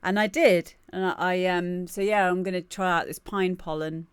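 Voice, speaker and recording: A woman's voice: fairly low pitch, steady tone, moderate pace, smooth, no room sound. A woman in her thirties hosting a live stream, chatting casually and greeting viewers by name with laughs and rambling asides. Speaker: livestream host.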